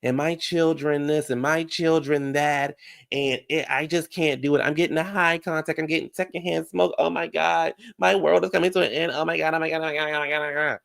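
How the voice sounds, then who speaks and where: A man mimicking a fussy middle-aged mother in a mocking, melodramatic whine; his voice has a gravelly edge. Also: on the high side, fairly even intonation, brisk, a bit bright, voice pushed up. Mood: mocking panic.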